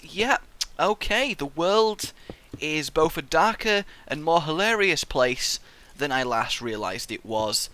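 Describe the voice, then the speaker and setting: A young man hosting a gameplay video, rambling through excitable, goofy commentary and swearing freely. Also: a little high. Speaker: let's play host.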